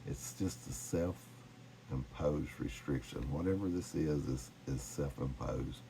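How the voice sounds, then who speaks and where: A man giving a casual, encouraging tarot reading, gently reading card messages aloud. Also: very deep voice, takes it slowly, gravelly, a little hiss or hum, low-quality recording. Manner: gentle, encouraging, reads cards aloud with laughs. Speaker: tarot reader.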